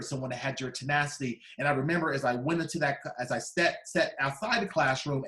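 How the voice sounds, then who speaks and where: A man in his fifties giving a personal storytelling speech as keynote speaker, dramatic and acting out the voices in his story. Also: medium pitch. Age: 50s. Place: large conference hall. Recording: echoey conference hall.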